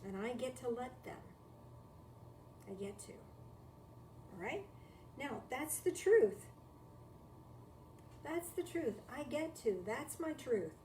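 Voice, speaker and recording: A woman's voice: sits high, lively intonation, takes it slowly, long pauses, mellow. A woman giving a live-streamed spiritual talk from home, reflective and conversational, repeating key phrases and asking rhetorical questions. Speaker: spiritual teacher. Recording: echoey room, distant mic, faint noise.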